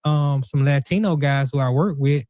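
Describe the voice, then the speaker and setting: Guy on a podcast, kinda high voice, loose slangy chat, really dry sound. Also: normal speed, no room sound. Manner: animated, slangy, thinks out loud. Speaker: podcast host. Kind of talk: casual conversation.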